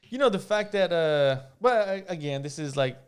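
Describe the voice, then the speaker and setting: Male podcast co-host, smooth clear voice, a touch high, talks in circles, agrees a lot. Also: expressive, moderate pace. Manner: hesitant, agreeable, lots of "right, right" and restarts. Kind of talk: casual chat.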